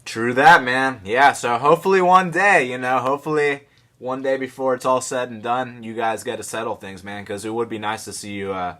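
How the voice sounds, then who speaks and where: A man hosting a podcast, asking questions in a relaxed, conversational way. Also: mid-range voice, moderate pace. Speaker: podcast host. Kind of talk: casual interview.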